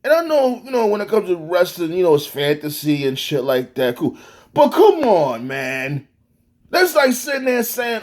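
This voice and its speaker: Fired-up high-pitched man ranting. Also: normal speed. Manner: animated, swearing, exasperated. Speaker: wrestling reviewer. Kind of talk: profane ranting review.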